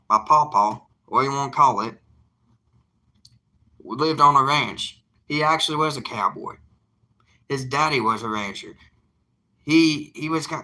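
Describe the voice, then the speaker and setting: A young man with a Southern US drawl, an evangelist vlogger, addresses his viewers in a casual monologue, emphatic and folksy, repeating lines to drive them home. His mid-range voice is bright and forceful.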